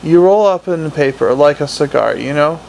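A man voicing a nervous, slow-witted informant who rambles and stumbles over his words. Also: on the high side, lively intonation, creaky, darkish tone, a little hiss or hum. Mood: sheepish. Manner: halting, embarrassed, rambling. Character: nervous, dim young male street informant.

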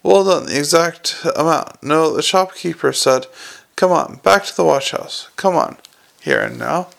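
Guy reading a cheery earnest young cop, unhurried, a bit higher pitched, gravelly. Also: a bit bright, exaggerated voice. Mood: cheerful. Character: earnest young male watchman, cheerful and calm.

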